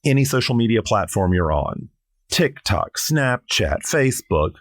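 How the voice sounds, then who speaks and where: A man's voice: medium pitch, very animated, measured pace, dry recording, studio quality. A middle-aged man from South Carolina, a drag performer chatting on a podcast in a playful, theatrical, jokey way. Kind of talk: casual podcast chat.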